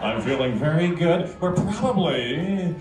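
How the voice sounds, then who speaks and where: A man doing an impression of a halting, flattering older gentleman on a talk show, stammering and drawing out his words. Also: on the high side, reverberant, noisy background. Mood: smitten. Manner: stammering, drawn-out, flirtatious.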